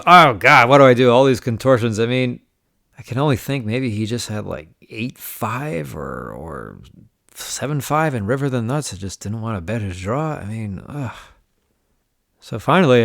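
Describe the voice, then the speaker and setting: A man's voice: lowish voice, no room sound, clean studio sound. A man telling poker stories in a casual, exasperated, venting manner, swearing now and then. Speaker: poker vlogger. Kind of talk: casual storytelling recap.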